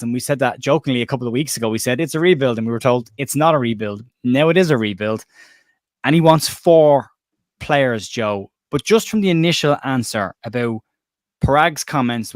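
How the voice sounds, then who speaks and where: Animated man hosting a football chat. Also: mid-range voice, dry recording. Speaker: podcast host. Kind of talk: casual football podcast chat.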